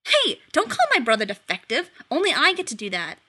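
A woman voicing a brash, protective young man who snaps back quickly. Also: very high-pitched, animated, pitched above the performer's own voice. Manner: brash, snappy.

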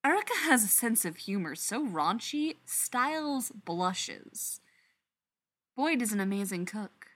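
A woman reading fiction aloud with wry, expressive storytelling. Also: mid-range voice, takes it slowly. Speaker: reader.

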